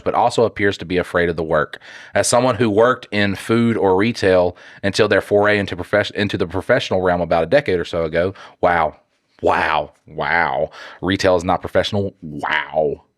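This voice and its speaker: A man with a stuffed-up nose talks in a deep, low register, sarcastic and joking as he reads out listener mail. The sound is close and dry, with no room around it. It comes across as loose podcast banter. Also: no room sound. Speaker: podcast co-host.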